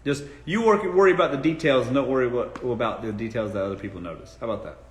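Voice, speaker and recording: A man's voice: mid-range voice, fast talker. Blunt Southern man in an echoey room. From South Carolina. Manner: blunt, profane, joking. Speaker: live-stream host answering dating questions. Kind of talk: casual live-stream Q&A. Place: room in his home.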